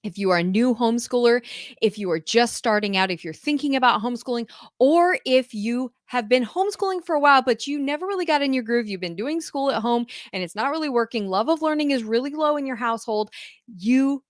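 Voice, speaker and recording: A woman's voice: a little high, animated, brisk, no echo, studio quality. A woman homeschool mentor talking casually to her viewers, gushing and effusive, often breaking into laughter. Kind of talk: casual talk to camera.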